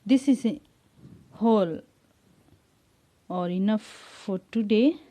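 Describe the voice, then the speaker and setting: An Indian English-accented woman giving a classroom lecture, her voice very dark and mellow. She explains at an unhurried pace, pausing on frequent "uh"s and "um"s. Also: medium pitch.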